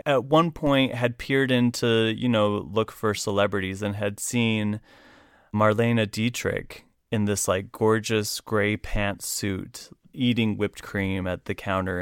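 Smooth low-voiced man telling stories. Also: no room sound, clean studio sound. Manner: animated storyteller who reads aloud from a book. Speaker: podcast host. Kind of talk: casual conversational storytelling.

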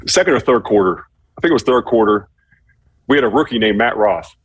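A man casually telling a profane story, acting out shouted quotes with animated energy. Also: fairly low pitch, fairly quick, husky. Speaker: former football player telling a story.

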